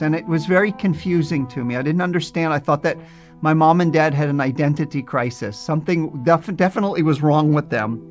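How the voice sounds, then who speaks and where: A man from New Jersey gives an earnest, reflective personal testimony in a slightly higher voice than most men. Soft music plays faintly underneath as he tells his story. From New Jersey, USA. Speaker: testimony speaker.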